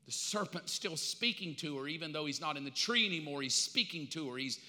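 Animated bright-voiced man preaching. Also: on the high side, brisk. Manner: animated, humorous, switching voices. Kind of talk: sermon with acted storytelling. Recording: long hall reverb.

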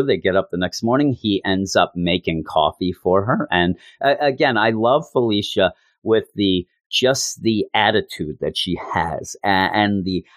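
A man's voice: on the low side, dry recording, clean studio sound. A man hosting a podcast, chatting casually through a comic review in a rambling, self-mocking way.

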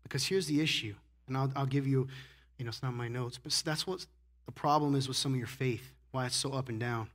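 Speaking fairly quickly with a steady tone in a mid-range voice, a man preaches to his congregation in a church sanctuary. The pastor's style is relaxed and conversational, with frequent "right?" checks and swings from soft asides to forceful emphasis.

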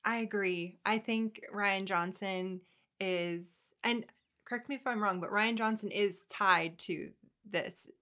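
A woman's voice: medium pitch, takes it slowly, sharp tone. A woman co-hosting a film podcast, speaking thoughtfully with hesitant restarts. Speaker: podcast co-host. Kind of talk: casual film chat.

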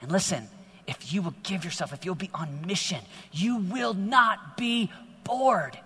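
A middle-aged man preaching to teenagers in a large hall, energetic and exhorting, often growing animated. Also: high-pitched, measured pace, husky. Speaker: youth speaker. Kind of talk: sermon to teenagers. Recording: long hall reverb.

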